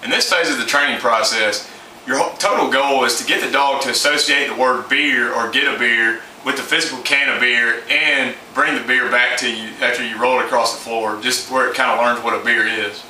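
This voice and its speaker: A man teaches dog training in a plain, folksy way, with a bright, sharp edge to his voice. He sounds a little distant from the mic in an echoey home room. A faint hiss of noise sits behind him. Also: medium pitch, fairly quick. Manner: plain, folksy and informal, with many fillers. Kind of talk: instructional how-to talk.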